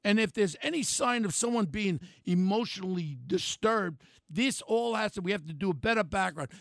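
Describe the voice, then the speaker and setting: Angry New man, gravelly and high. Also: animated, normal speed, no room sound, studio quality. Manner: blunt, angry, shouting at times. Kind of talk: opinionated talk radio rant.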